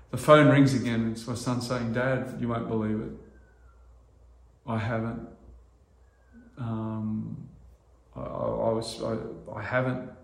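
A man's voice: mid-range voice, vocal fry. Earnest middle-aged male preacher, echoey hall. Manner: earnest, halting with restarts, rising to loud emphasis. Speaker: pastor. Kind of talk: sermon.

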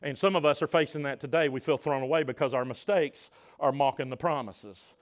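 A man preaching a sermon as pastor in a church, swinging between shouted passages and hushed, quiet asides. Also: mid-range voice, brisk. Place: church sanctuary.

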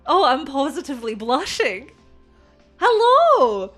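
A woman voicing an excitable, awkward woman scholar who bellows and gushes in a tabletop game. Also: a little high, moderate pace, soft background music, natural voice. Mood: gushing. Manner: bellowing, gushing.

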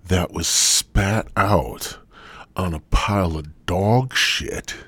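A male podcast host, high on marijuana and hoarse, rambling crudely through a solo monologue. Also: a bit bright, no room sound. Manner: crude, rambling, drifts into breathy whispers. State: voice partly lost, throat-clearing.

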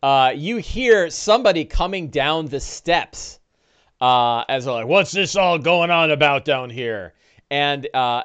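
A man narrating as game master, describing combat and breaking into loud monster voices. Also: medium pitch, smooth. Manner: lively narration with shouted orc voices.

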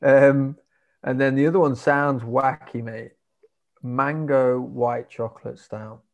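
A man's voice: mid-range voice, fairly even intonation, takes it slowly, creaky, highs cut off. A man as a podcast guest, chatting casually over a video call and calling his friend "mate". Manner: laid-back, says "mate" a lot.

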